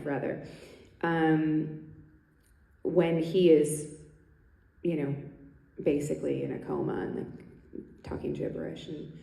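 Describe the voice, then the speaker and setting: A woman's voice: sits low, creaky, mellow. A woman talking as a panel guest at a convention, chatty and laughing, with many ums and restarts. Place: convention stage hall. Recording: echoey hall.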